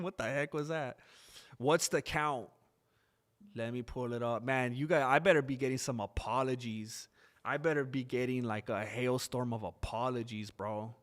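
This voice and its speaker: A man in a mid-range voice hosts a live stream in a loose, casual way. He is excitable and jokey, makes quick asides about what he sees, and turns often to thank and tease his viewers. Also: medium pitch. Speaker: live-stream host reacting to a fight broadcast.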